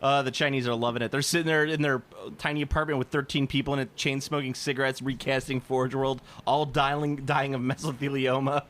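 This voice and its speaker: A man's voice: medium pitch, flat delivery, fairly quick, hardly any pauses, fairly bright tone. A man co-hosting a podcast, rambling in casual chat with a lot of swearing and laughter. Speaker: podcast co-host.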